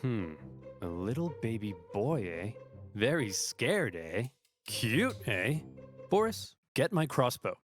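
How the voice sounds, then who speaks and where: A man's voice: medium pitch, big pitch swings, slow pace. A man voicing a smug young emperor in a cartoon history video, drawn out and mocking, with music under it. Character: smug young male emperor, gleeful predator.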